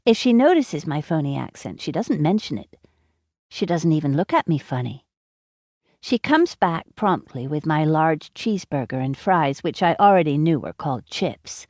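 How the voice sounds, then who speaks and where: Low-voiced woman narrating an audiobook. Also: a little mellow, dry recording, clean studio sound. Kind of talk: first-person audiobook narration.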